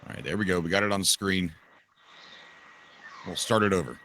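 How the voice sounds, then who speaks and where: A man hosting a casual live podcast, excitable and quick to raise his voice. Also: deep voice, a little hiss or hum. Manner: excitable, animated, quick to shout. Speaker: podcast host. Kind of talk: casual livestream chat.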